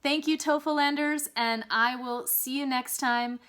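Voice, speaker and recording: A woman teaching test preparation in an upbeat monologue, swinging her voice up and down to demonstrate. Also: a little slow. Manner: lively, swings pitch up and down to demonstrate. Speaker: English test prep teacher.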